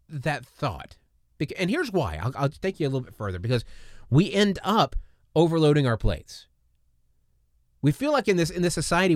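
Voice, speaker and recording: A man's voice: fairly high pitch, no room sound, clean studio sound. A man hosting a casual faith-based podcast, talking in an earnest, rambling way with many restarts and repeated words. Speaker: podcast host.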